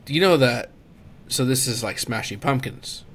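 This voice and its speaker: A man co-hosting a casual podcast, excitable and quick to laugh, full of "like" and "dude.". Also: mid-range voice, a little hiss or hum. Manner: excitable, laughs easily, says "dude" and "like" a lot. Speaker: podcast co-host. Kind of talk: casual chat.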